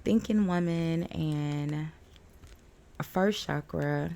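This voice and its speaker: Her voice is low, slow and gravelly yet warm, belonging to a woman getting over a cold who's doing a tarot reading at home. She chats and rambles with fillers and little laughs, while faint outdoor sound drifts in through the open balcony door.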